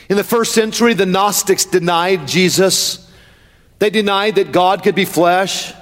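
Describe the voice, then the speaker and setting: A man's voice: fairly high pitch, in a large hall. A male preacher delivering a sermon with a rhythmic build that swells into a sing-song chant.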